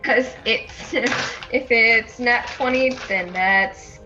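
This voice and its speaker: A woman playing in a tabletop game, talking slowly and hesitantly with many ums. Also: on the high side, dull audio, over music. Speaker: player. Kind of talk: casual tabletop play.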